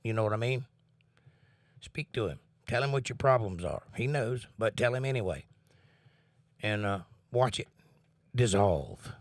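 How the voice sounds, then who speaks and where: A relaxed man livestreaming from home talks earnestly about faith and reads out viewers' comments. His fairly low voice moves at a measured pace with frequent pauses, and the studio-quality audio has no echo.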